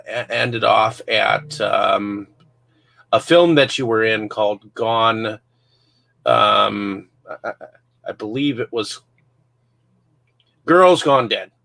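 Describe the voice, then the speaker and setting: A man hosting an interview, asking questions in a halting way with many fillers. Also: mid-range voice, gravelly, fairly bright tone. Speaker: host. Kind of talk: casual interview.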